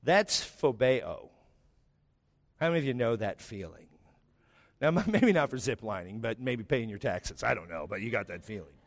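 A man preaching a sermon, telling a humorous personal story with jokey asides, then building to emphatic, rapid runs of phrases. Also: mid-range voice, lively intonation. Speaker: pastor.

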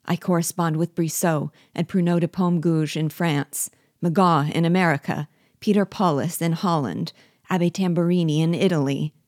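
A woman reading the part of a timid, terrified male prisoner who pleads and flatters in flowery words. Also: fairly low pitch, moderate pace, no echo, studio quality, natural voice. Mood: anxious.

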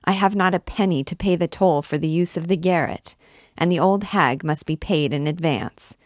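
A woman's voice: on the low side, dry recording, studio quality, lightly acted. A woman voicing a brash, hot-tempered young army captain in a read-aloud novel. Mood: glib. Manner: swaggering and quick to anger.

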